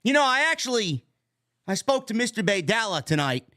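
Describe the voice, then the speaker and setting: A man with a New York accent, host of a wrestling review show, ranting in a loud, profane, mock-annoyed way and shouting at times. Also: high voice, sing-song, fairly quick. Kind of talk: profane comedic rant.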